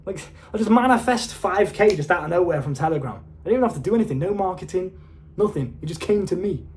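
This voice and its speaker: Young man, self-improvement coach, casual motivational monologue, blunt and excitable, swears often. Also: high-pitched, fast. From United Kingdom.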